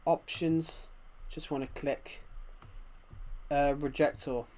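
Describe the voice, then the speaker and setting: A man's voice: on the high side, fairly even intonation, takes it slowly, darkish tone. Chatty man, English-Welsh border accent. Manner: rambling, talks to viewers' comments. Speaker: livestreamer. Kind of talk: casual livestream chat.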